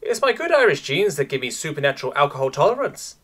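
A man voicing a cocky young female pilot cadet with a bright, teasing delivery. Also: fairly high pitch, very animated, fast talker, pitched above the performer's own voice.

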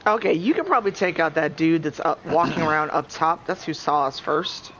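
An excitable man streams a co-op shooter, laughing and cursing as he plays. His voice sits a little high and leaps around in pitch. Faint noise hums underneath. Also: brisk. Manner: excitable, laughs a lot, swears freely. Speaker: gameplay streamer. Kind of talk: casual co-op gameplay chat.

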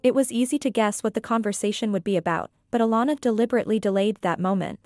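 A woman reading a scripted story aloud in an even, measured way. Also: medium pitch, no echo, studio quality, faint music behind.

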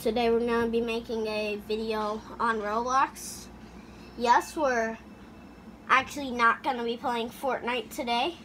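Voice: medium pitch, flat delivery, a little slow, bright, forceful tone, slight background noise. A gaming YouTuber giving goofy, chatty commentary over gameplay, talking into a headset mic. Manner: chatty, goofy, makes sound effects.

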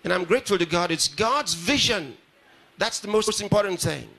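A man's voice: high voice, lively intonation, normal speed, creaky, bright, forceful tone. A pastor addressing a live audience at a ceremony, repeating his phrases and putting questions straight to the crowd. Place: large ceremony hall.

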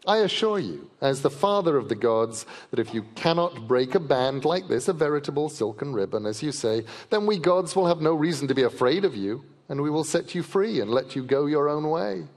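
A man's voice: a little high, animated, brisk, hardly any pauses, voice pushed up. A man playing a cunning old king of the gods. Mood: coaxing. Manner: persuasive, needling. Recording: long reverb of a large festival hall.

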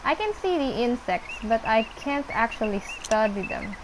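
A young woman casually commenting on her gameplay, chatting to the animals on screen and squealing when excited. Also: fairly high pitch, moderate pace, noisy background. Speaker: gameplay streamer.

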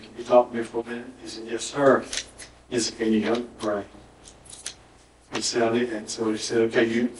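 Speaking at a middle pitch with a darkish tone, a pastor delivers a sermon, quoting dialogue in his stories and repeating words for emphasis. The church-sanctuary recording is roomy, a bit distant, with slight background noise.

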